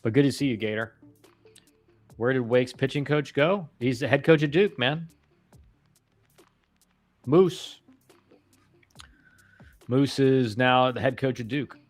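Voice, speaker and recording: A man's voice: mid-range voice, slow pace, long pauses, dry recording, soft background music. A man hosting a casual live stream and answering viewer questions. He talks in a laid-back, rambling way with slang and many restarts. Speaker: live-stream host, former college ballplayer.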